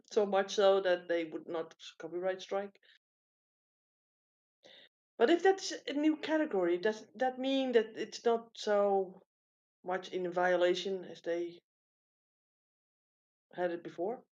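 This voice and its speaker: A woman's voice: medium pitch, takes it slowly, pauses often, darkish tone. Teasing giggly woman on a panel chat, kinda muffled lo-fi audio.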